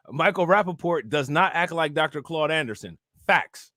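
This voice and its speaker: Young man, fairly high voice, bright tone, profane livestream rant, rhetorical questions. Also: animated, moderate pace, few pauses, dry recording, studio quality. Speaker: livestream political commentator. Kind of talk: casual livestream rant reacting to chat.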